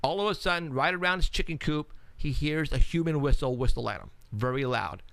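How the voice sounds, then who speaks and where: Guy cohosting a paranormal radio show, bright crisp voice, dry close sound, keeps restarting his sentences. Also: a little high, a little fast, no echo. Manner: rambling, restarts often, talks through photos. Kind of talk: casual radio chat.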